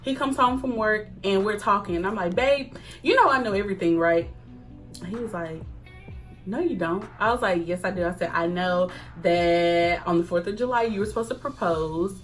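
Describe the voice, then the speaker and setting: A young woman chatting casually to camera, animated, acting out quoted lines and laughing often. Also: medium pitch, normal speed, soft background music. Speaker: vlogger. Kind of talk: casual storytime chat.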